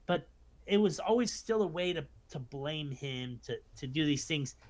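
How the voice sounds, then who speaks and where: Man, co-host, on the high side for a man, talks in lively bursts and mimics opponents in put-on voices; casual podcast chat. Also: normal speed. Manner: animated, acts out what others say in mocking voices.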